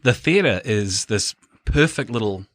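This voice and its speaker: A man hosting a podcast, chatty and quick to laugh. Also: fairly low pitch, lively intonation, no room sound. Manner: chatty, laughs easily, plugs events. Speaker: podcast host. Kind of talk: casual podcast chat.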